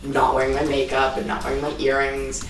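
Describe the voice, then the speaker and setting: A teenager speaks fairly quickly in a monotone, medium-pitched voice, being open and casual in an interview full of "like" fillers. The recording sounds roomy from a distant mic, with faint music in the background.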